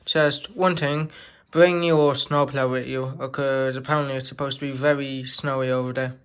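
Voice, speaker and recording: A man's voice: mid-range voice, little pitch movement, fairly bright tone, clear, resonant tone, close to an everyday voice. A man voicing a bossy male railway controller giving orders. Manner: bossy, hurried instructions.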